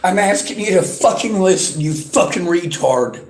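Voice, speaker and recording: A man's voice: high-pitched, expressive, moderate pace, a little mellow. A worked-up man streaming from a library, repeating himself in an angry, profane rant at his chat. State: agitated, worked up.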